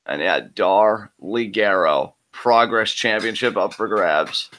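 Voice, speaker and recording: A man's voice: lowish voice, takes it slowly, a bit bright, a little hiss or hum. A man co-hosting a live reaction show, breaking down what he watches and making predictions with many "I mean"s. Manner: analytical, talks through predictions with many "I mean"s. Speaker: co-host of a wrestling reaction show.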